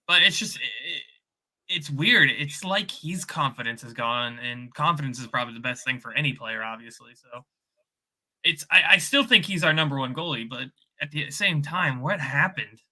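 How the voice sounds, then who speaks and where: A man's voice: on the high side, expressive, moderate pace, bright, forceful tone. A man in a casual football chat, thinking aloud, hesitating and trailing off. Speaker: co-host guest.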